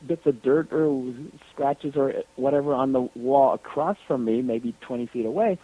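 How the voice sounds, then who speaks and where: A man guest on a radio interview, telling a story in an animated, lively way over the phone. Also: a little high. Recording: tinny phone line.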